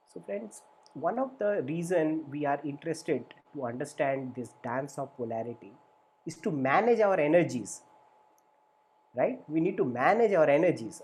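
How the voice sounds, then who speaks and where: A man's voice: mid-range voice, a little mellow, slight background noise. Middle-aged guy therapist teaching a session, earnest, keeps asking right?, acts out little inner voices. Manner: earnest, repetitive, asks "right?" often. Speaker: therapist and workshop facilitator.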